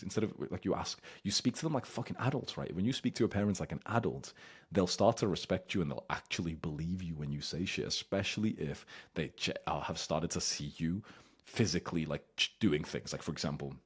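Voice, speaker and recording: A young man with a very low, husky voice gives casual advice as the host. He talks bluntly, swears freely and sometimes slips into mocking, whiny impressions.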